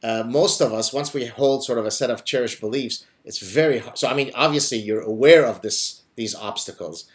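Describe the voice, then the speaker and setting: A man hosting a conversational interview. He speaks deliberately and uses many filler words. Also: medium pitch. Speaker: host.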